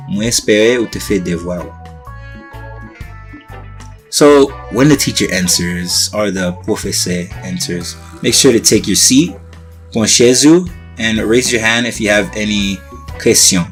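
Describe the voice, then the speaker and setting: A man teaching everyday classroom phrases in a relaxed, patient way, as a language lesson host. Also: lowish voice, a little slow, pauses often, soft background music. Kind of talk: explaining vocabulary for a language lesson.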